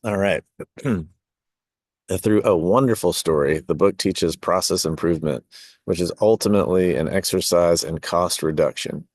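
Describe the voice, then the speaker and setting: A man's voice: low voice, moderate pace, darkish tone, no room sound, clean studio sound. A middle-aged man, a podcast host and design teacher, reading his own essay aloud in a reflective way, with asides and self-corrections.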